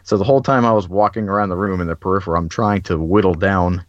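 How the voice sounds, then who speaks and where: Very deep-voiced man telling a story. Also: fast talker, no room sound, muffled recording. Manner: animated storyteller, many "like" fillers, acts out quotes. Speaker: podcast host. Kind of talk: casual chat.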